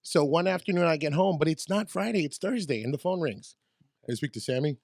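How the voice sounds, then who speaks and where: A man in his forties telling stories in a casual podcast interview, animated and acting out quotes in different voices. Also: on the high side, brisk, vocal fry, no room sound, studio quality. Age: 40s. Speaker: radio DJ guest. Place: podcast studio.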